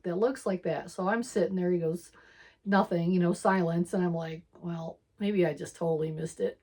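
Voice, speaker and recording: A woman talks through a personal faith story in a loose, conversational way. Her voice sits a little low. She keeps quoting her own thoughts and laughs softly between lines. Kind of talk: casual spoken testimony.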